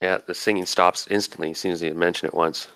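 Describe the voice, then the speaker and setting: A man narrating as game master in a tabletop game, describing scenes in an unhurried way with fillers. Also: low-pitched, steady tone, a bit bright, clear, resonant tone.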